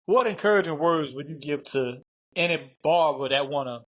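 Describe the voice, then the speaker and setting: A man interviewing a barber, asking a short relaxed question. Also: fairly high pitch, normal speed. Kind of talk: casual interview.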